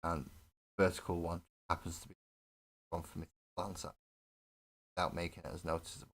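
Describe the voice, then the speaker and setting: Building a miniature model on a live stream, a man chats casually in a low-pitched, level, fairly bright voice at a brisk pace. He rambles, makes fun of himself, and swears freely, recorded through a desk webcam setup.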